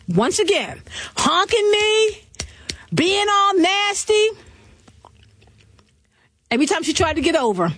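A middle-aged woman hosts a call-in radio show, her high voice leaping all over the place as she spins stories, laughing and acting out what everyone said. She is recorded on a dry studio mic. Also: no room sound. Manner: expressive storyteller, laughs often, acts out dialogue. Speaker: radio talk show host. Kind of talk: animated call-in radio chat.

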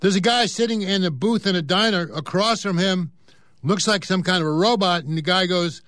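Male reader of news and comic strips, casual, with offhand asides, higher voice, dry close sound. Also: normal speed, fairly bright tone, no echo. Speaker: newspaper reader. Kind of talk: reading news and comics aloud.

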